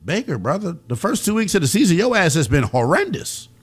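Man, sports talk radio host, call-in show, animated delivery, blunt slang. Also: sits high, a little fast, breathy edge.

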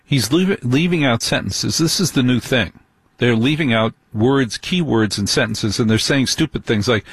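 A man's voice: mid-range voice, moderate pace, breathy edge, dry recording. A man giving sarcastic celebrity gossip commentary as a host, with mocking, scornful asides.

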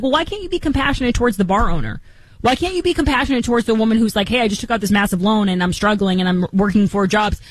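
A woman's voice: mid-range voice, dry recording, poor audio. A woman co-hosting a talk podcast, speaking in an impassioned, rambling way with frequent restarts. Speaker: co-host. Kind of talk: opinionated podcast commentary.

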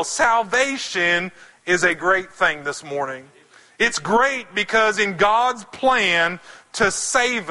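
A man preaching a sermon, slowing down and lowering his voice for scripture quotes. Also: sharp tone. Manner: slows to stress scripture quotes. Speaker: pastor.

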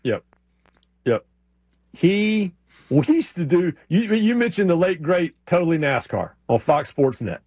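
A man co-hosting a sports radio show, an animated storyteller who slips into drawling voices. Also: fairly high pitch, measured pace, slightly rough, no echo. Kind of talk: casual sports chat.

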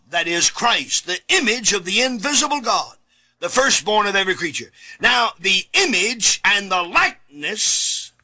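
Male preacher, high and very bright voice, emphatic sermon delivery with raised shouts. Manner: emphatic, repeats key words, shouts for emphasis; reads scripture aloud in old Bible wording.

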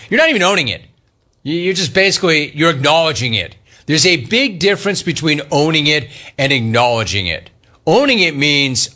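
A man hosting a sports talk radio show, ribbing his co-hosts with emphatic, animated banter and repeated catchphrases. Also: a little high, brisk. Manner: emphatic, mocking and animated, repeats phrases for effect.

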